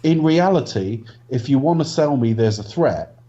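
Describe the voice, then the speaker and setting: A podcast co-host with a warm, animated, mid-range voice at a moderate pace reviews films casually, offering blunt, dismissive opinions and the occasional swear. The audio is dull and lo-fi.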